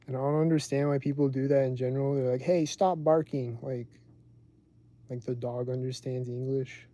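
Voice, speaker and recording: Dark-voiced man rambling on a livestream. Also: medium pitch, monotone, brisk. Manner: rambling, heavy use of "like". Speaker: livestream host. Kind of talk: casual rambling livestream talk.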